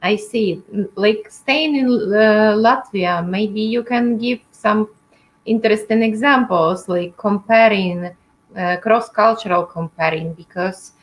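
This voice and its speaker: A woman hosting a casual interview, friendly and halting, often stopping on fillers. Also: medium pitch, poor audio. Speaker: interview host. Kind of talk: casual video-call interview.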